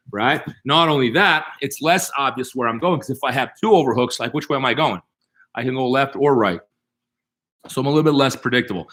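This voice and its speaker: A man's voice: mid-range voice, a bit bright. A middle-aged man teaching a live online martial arts class, explaining techniques step by step and checking in with "right?" as he demonstrates. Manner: explanatory, repeats key points with "right?". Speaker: jiu-jitsu instructor.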